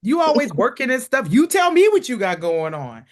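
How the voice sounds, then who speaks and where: A woman's voice: sits high, big pitch swings, moderate pace. A woman comedian chatting casually, teasing her co-hosts and acting out the people in her story. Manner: teasing, chimes in with quips and acts out quoted callers. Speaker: comedian and podcast co-host. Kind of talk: casual chat.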